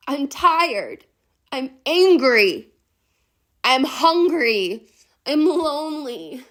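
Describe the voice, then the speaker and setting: A woman voicing a furious, grief-stricken wild woman who is a hidden part of the self, crying and yelling. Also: sits high, exaggerated voice. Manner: wailing, crying and yelling accusations.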